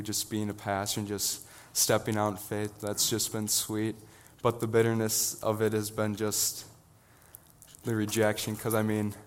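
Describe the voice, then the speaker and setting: Earnest teenage boy preaching, low smooth voice. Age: teens. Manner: earnest, halting, many restarts. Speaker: student preacher. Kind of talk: sermon.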